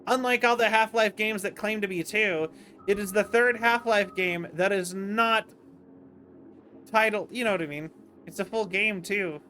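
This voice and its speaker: A man streaming late at night, sleepy and yawning, chatting away in casual livestream commentary. His voice sits high. He rambles, often breaking off and restarting his sentences. Faint background noise hums beneath him. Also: normal speed, sharp tone. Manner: rambling, self-interrupting, chatty. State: tired, yawning.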